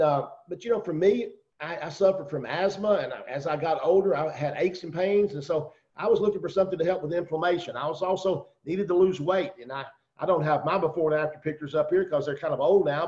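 A man with a Southern US accent hosting a video call, pitching persuasively and addressing listeners directly. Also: a little mellow, muffled recording. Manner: persuasive, talks straight to listeners. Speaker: host.

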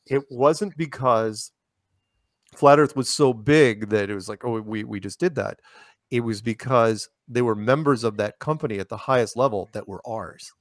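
Male guest, chatty storyteller with quick laughs, mid pitch, dry sound. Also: dry recording. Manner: animated, laughs often, restarts sentences. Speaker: interview guest. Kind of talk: casual storytelling conversation.

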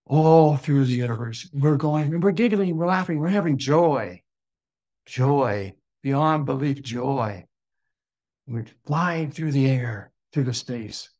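A man who is a podcast guest tells a personal story. His delivery is slow and full of wonder, with sudden excited rises. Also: mid-range voice.

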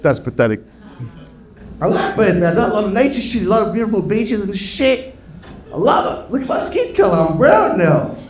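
A man doing a stand-up comedy set, brash and profane, teasing the crowd and breaking into shouts. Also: high-pitched, big pitch swings, normal speed. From Melbourne, Australia. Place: comedy club stage.

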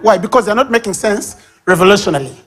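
A man with a Ugandan English accent preaching a sermon at a church service, animated, acting out sobs and baby babble and shouting key lines. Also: high voice, fast, faint music behind.

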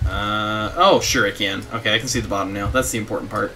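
A young streamer plays a game and chats casually, reading on-screen text aloud and cracking himself up at his own antics. His lowish voice is pushed and bright, with fairly even intonation at a fast clip. Game music is faintly audible.

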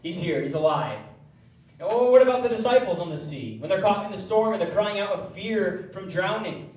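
Male pastor, lively sermon delivery, high voice, miked from a distance in a reverberant church. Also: a little fast, slight background noise. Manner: animated preaching with acted quotes. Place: church sanctuary. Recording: echoey church hall from far off.

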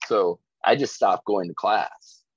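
A low, husky man tells his stories in an easygoing ramble, leaning on "like" and "you know" as he goes. He is from Virginia and talks like a guest on a casual podcast. The recording is dry and a little dull. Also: slow, dry recording. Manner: laid-back storytelling, frequent "like" and "you know". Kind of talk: casual chat.

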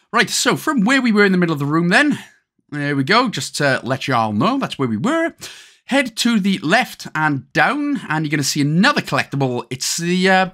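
A Welsh man talks viewers through a video game in a chatty, joking way. His pitch sits a little high for a man and moves in a lively, sing-song way. He drops casual slang and side remarks as he plays. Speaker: gaming guide host. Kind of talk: gameplay walkthrough commentary.

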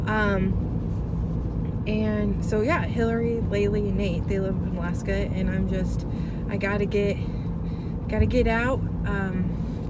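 A woman travel vlogger chatting casually in a rambling, venting way, with a stuffy, runny nose. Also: medium pitch. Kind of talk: casual vlog chat. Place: in a car by a busy road. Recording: steady traffic noise.

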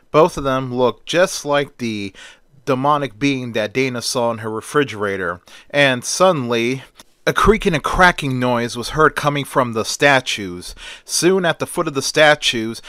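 A man's voice: medium pitch, fairly bright tone, clear, resonant tone, no room sound, clean studio sound. A man narrating an amateur fan story in a plain, repetitive "and then" storytelling manner.

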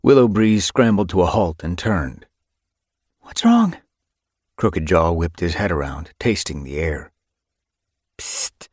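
Brief: male audiobook narrator, low husky voice, lively and dramatic. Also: unhurried, dry recording, studio quality.

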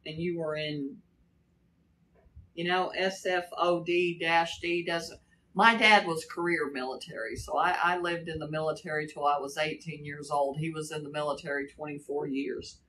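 A woman's voice: sits low, a little slow, a bit bright, poor audio. A woman in her sixties with a Kentucky accent and a Texas drawl, chatting casually on a livestream and greeting viewers by name. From Kentucky, raised in Texas. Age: 60s. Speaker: livestream host. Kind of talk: casual livestream chat reading comments.

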